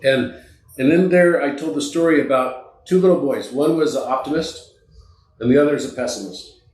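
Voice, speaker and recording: A man's voice: medium pitch, moderate pace, a little mellow. A man who is a podcast guest, telling motivational stories in an emphatic and earnest way. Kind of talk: motivational storytelling. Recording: echoey room.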